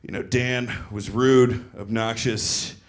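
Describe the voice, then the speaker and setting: Comic doing a flat, deadpan pal, pitched down and slow. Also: male voice, lightly acted.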